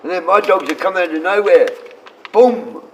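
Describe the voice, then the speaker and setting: A man who sounds sick, rambling and swearing on a live stream, his voice often sinking low and quiet. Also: expressive, moderate pace, a little hiss or hum. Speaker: livestreamer. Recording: dull lo-fi stream audio.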